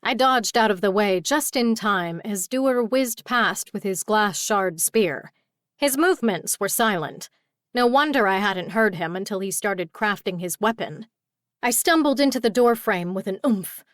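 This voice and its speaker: A woman reading a first-person urban fantasy audiobook at a mid pitch, with a tired, exasperated edge. The recording is very dry and close, with no room sound. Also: lively intonation, unhurried, no echo. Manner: tired, exasperated heroine voice in dialogue. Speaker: audiobook narrator.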